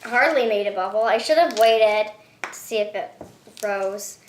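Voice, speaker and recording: A woman hosting a slime-making vlog at home, talking excitedly and often squealing and shrieking. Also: medium pitch, moderate pace, echoey room, slight background noise. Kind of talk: excited hands-on vlog narration. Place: home bathroom and table.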